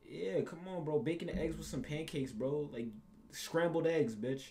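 A gaming YouTuber with a slightly high, somewhat mellow voice reacts to a game at a moderate pace. The young man's commentary is crude and meandering, with frequent swearing, repetition, and laughter at his own humor.

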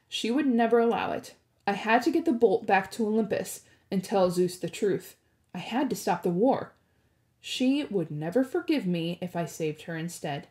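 A woman teacher reading a chapter book aloud and discussing it, with expressive, animated storytelling. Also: mid-range voice.

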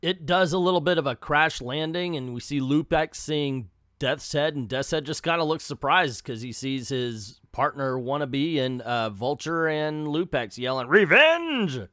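A man's voice: fairly high pitch, moderate pace, hardly any pauses, a bit bright, no room sound, clean studio sound. A man hosting a casual comic book recap with offhand, wry commentary. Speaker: comics video host.

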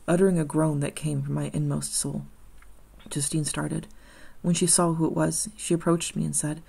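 Low, husky-voiced woman reading an audiobook. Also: mellow. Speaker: audiobook narrator.

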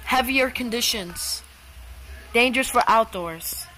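A woman voicing a stiff automated weather alert announcer, reading out warnings in a slow, flat drone. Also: a little high, a little hiss or hum, low-quality recording. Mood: solemn warning.

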